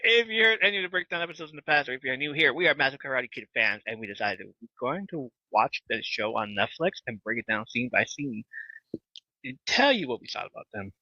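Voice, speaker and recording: Podcast host guy, lively and laughy, bright crisp tone, kinda lo-fi. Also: medium pitch, fast, no echo. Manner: animated, laughs a lot, chatty with viewers. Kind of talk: casual live podcast chat. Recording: slightly dull lo-fi mic.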